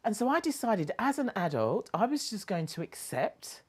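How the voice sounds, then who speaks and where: A woman, a motivational speaker, telling a personal story expressively. She moves between quiet reflection and animated laughter. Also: mid-range voice, moderate pace, slightly rough.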